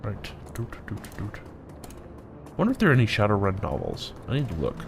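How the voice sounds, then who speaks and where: A man's voice: lowish voice, huge pitch swings, racing, gravelly, noisy background. A man hosting a gameplay video, chatting casually and thinking aloud as he plays. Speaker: let's play host. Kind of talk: gameplay commentary. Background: faint music.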